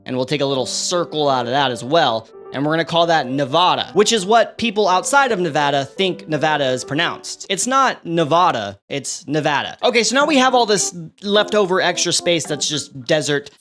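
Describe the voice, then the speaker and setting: A young man giving a sarcastic, animated comedic commentary over a map, with big jumps in pitch for emphasis. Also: a little fast, faint music behind. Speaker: online creator.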